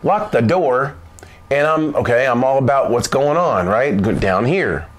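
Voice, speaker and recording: A man hosting his own show, telling a funny story in an animated, loose way, laughing often and swearing casually. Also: mid-range voice, unhurried. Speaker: vlog host. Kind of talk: comic storytelling.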